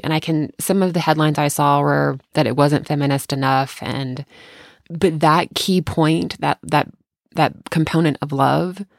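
A woman telling a personal story in casual conversation, emotional and halting, often restarting her sentences. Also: sits low, vocal fry, no room sound. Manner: tender, close to tears at times.

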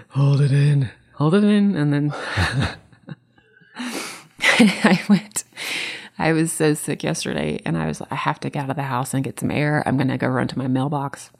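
A woman's voice: deep voice, a little slow, gravelly, long pauses, breathy edge. A woman in grief, telling candid stories about her late dog in casual conversation with laughter between lines. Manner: candid, warm storytelling with laughs. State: grieving.

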